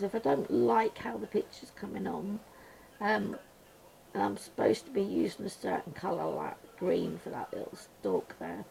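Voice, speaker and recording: Gravelly, mellow-toned woman mumbling as she colours. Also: mid-range voice, poor audio. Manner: rambling, mumbles quietly to herself. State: slightly congested, voice going gruff. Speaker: colouring channel host. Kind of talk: casual chat while colouring. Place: small room at home.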